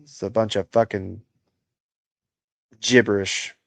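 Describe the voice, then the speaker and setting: A man's voice: on the low side, level tone, slow, vocal fry, no echo. Profane exasperated man ranting live. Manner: profane and exasperated, lots of bro and dude. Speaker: political livestream host.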